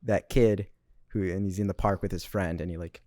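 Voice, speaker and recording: A young man with a lowish voice, chatting as a podcast guest. He rambles loosely with many fillers. The sound is dry and close to the mic. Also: fairly even intonation, moderate pace, warm tone, no echo. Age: young adult. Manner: rambling, filler-heavy storytelling. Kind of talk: casual chat.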